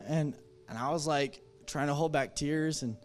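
A man's voice: fairly high pitch, moderate pace, faint music behind. A man with a Texan accent preaching a sermon in a church, telling a story with quoted dialogue and then leading an earnest altar call. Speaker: pastor. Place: church sanctuary.

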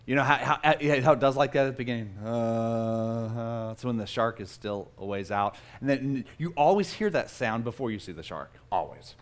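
A middle-aged man preaching a sermon as a pastor, telling stories in an animated, self-mocking way. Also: medium pitch, fairly quick, few pauses.

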